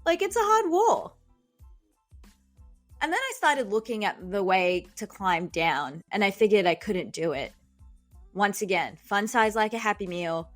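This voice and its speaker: With faint background music and no room sound, a young doctor hosting a podcast delivers a comic storytelling monologue in a fairly low voice. Her telling is dramatic and jokey, with plenty of self-deprecating humor.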